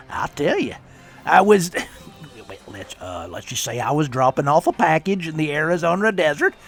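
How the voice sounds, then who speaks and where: A man plays a folksy, slippery businessman in an audio drama. His mid-pitched voice rises and falls with animated swings as he dodges questions, with faint music beneath. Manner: folksy, evasive, chuckling.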